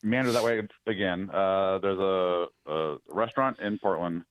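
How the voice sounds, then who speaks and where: Deep-voiced American male caller. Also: measured pace, highs cut off, slight background noise. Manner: relaxed storytelling with hesitations. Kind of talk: casual call-in chat.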